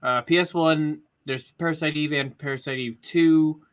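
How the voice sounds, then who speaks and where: A man on a podcast chatting casually and tossing in quick teasing interjections. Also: fairly high pitch, fairly even intonation. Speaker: podcast guest. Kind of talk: casual chat.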